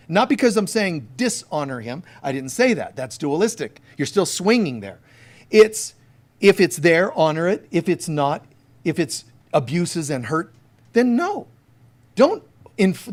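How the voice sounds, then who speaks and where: A man preaching a conversational sermon as a spiritual teacher, emphatic and storytelling, talking straight to his listeners. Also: fairly high pitch. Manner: emphatic, direct address to listeners.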